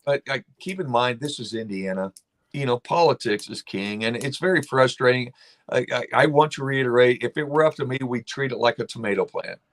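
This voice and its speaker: A man speaking as a guest lawmaker on a talk show, his voice sitting at an everyday middle pitch. He talks in an emphatic, blunt way and drifts into storytelling. His delivery is impassioned. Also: brisk.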